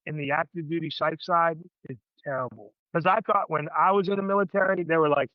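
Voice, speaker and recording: A man's voice: fairly high pitch, fairly quick, dry recording, muffled recording. Fifties guy rambling on emphatic, says man every other line, bone dry sound. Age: 50s. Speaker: veteran guest. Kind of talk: casual podcast conversation.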